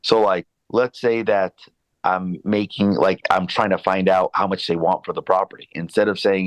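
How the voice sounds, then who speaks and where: A man explaining a real estate sales script on a podcast, halting and restarting as he goes. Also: low voice, fairly even intonation, no room sound, rough recording.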